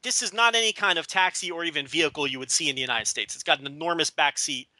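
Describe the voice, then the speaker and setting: High, bright-voiced man rambling on a podcast. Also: fast, no room sound. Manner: rambling, stammering, mocking. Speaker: podcast co-host. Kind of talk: casual podcast banter.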